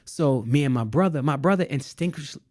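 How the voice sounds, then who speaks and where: Man, casual storytelling, animated, repeats phrases, dry room. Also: a little high, normal speed, dry recording. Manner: animated, repeats phrases, laughs while telling. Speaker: guest artist.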